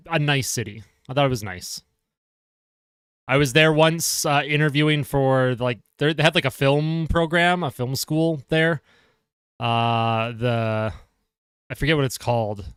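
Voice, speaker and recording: Man, live-stream hockey commentary, smooth clear voice, dry close sound, chatty, answers chat. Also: on the high side, a little slow, fairly bright tone, no room sound. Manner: chatty, reads chat aloud and answers viewers.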